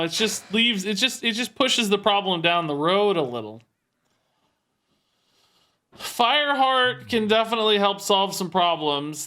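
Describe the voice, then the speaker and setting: This streamer narrates his game live, analyzing and second-guessing his own moves and repeating himself. Tired and sore from sport, he speaks in a high, pushed, bright voice with a clean tone.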